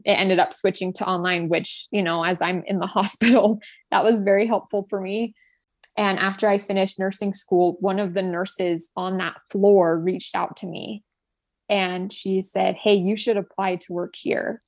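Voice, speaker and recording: A young woman in her twenties talks earnestly and gratefully about her work as a nurse, often restarting her sentences and filling gaps with "like" and "you know". Her voice sits at a middle pitch, and the room is dry and close. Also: steady tone, normal speed, dry recording. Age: 20s. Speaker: guest, nurse. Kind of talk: personal story in an interview.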